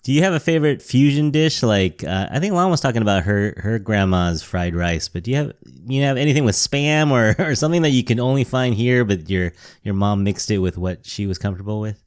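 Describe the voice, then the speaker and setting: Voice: medium pitch, brisk, hardly any pauses, no room sound, studio quality. A podcast host who laughs often and asks long, rambling, curious questions in a casual interview.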